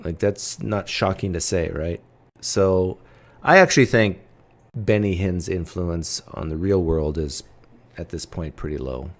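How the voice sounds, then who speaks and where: A man's voice: sits low, measured pace. A man hosting a livestream, talking bluntly and casually in a provocative, chatty way. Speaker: livestream host.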